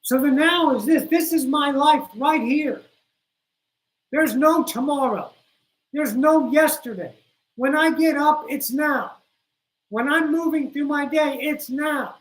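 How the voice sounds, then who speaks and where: On a livestream, a woman with a somewhat high voice delivers a spiritual talk slowly and directly to her viewers. She's blunt and a bit profane, insistently repeating her points, and the recording is rough.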